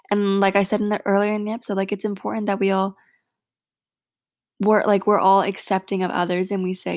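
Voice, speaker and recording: A woman's voice: mid-range voice, monotone, fairly quick, a little mellow, no echo, clean studio sound. A young woman hosting a solo podcast, talking frankly and from the heart, swearing freely and saying "like" a lot. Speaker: podcast host. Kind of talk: casual solo podcast monologue.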